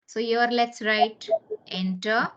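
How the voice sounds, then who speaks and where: Taking it slowly, a woman with a slightly high, steady, somewhat bright voice teaches online, guiding students step by step and often pausing for "okay?". It is captured as a lo-fi online meeting recording through a computer mic on a video call.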